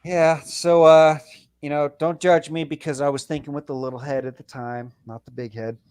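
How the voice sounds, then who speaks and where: Caller, male, fired-up and foul-mouthed, a bit high-pitched, over a voice call. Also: level tone, normal speed, a little mellow, smooth. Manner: profane, heated storytelling. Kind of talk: casual call-in storytelling.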